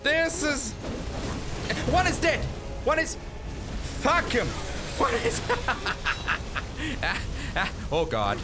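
A man giving let's play commentary, swearing and exasperated, bursting into shouts, with game music behind. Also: extremely high pitch, huge pitch swings, extremely slow, pauses often. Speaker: gaming YouTuber.

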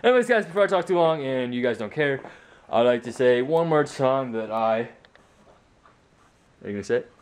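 A teenage boy rambles through a casual home vlog, his voice at an ordinary middle pitch. He talks loosely and is full of fillers and restarts, making fun of himself. He sounds worn out after a hard practice. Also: lively intonation, brisk. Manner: rambling, self-mocking, many fillers. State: tired from sports practice. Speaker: vlogger.

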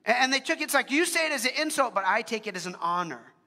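Bright high-voiced pastor in a reverberant hall. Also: male voice, expressive, quick pace, gravelly. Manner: earnest, joking asides, frequent restarts. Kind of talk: casual conversational sermon with prayer.

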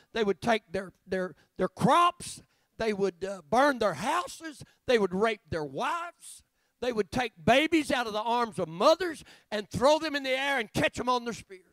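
A man preaching a revival sermon as guest preacher, telling folksy stories that break into shouting. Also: extremely high pitch, no echo. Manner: folksy storytelling, bursts of shouting.

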